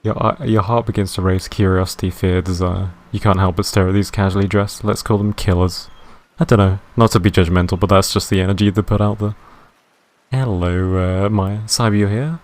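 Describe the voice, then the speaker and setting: Deep-voiced deadpan male streamer. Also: a little fast. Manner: deadpan, dry reading with chatty asides. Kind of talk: live stream game narration and chat.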